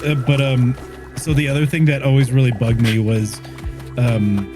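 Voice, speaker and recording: A man's voice: medium pitch, flat delivery, normal speed, over music. A man hosting a game stream, telling long rambling stories in casual chat and swearing freely. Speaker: streamer host.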